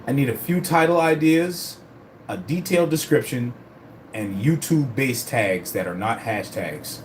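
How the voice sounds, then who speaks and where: A man's voice: mid-range voice, measured pace, a little hiss or hum. A man vlogging about his fitness journey in a casual, rambling, profane way. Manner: rambling, profane, animated storytelling. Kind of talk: casual chat.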